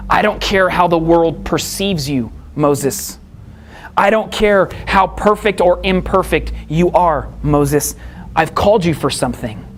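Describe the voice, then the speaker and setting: A man's voice: fairly high pitch, measured pace, a little hiss or hum. A male preacher voicing God as a solemn, insistent figure calling a reluctant man.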